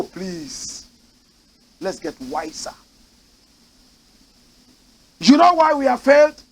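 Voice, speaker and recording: A man with a Ghanaian English accent, a host delivering impassioned political commentary in a studio, swinging between shouting and low muttering. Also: low-quality recording. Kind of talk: impassioned talk-show commentary.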